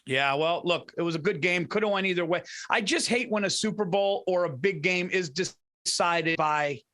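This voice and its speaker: A man with a fairly high voice chats loosely on a podcast, his sentences full of restarts and constant "dude"s. His delivery is relaxed and conversational, like a friend talking sports. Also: moderate pace. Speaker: podcast co-host. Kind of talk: casual chat.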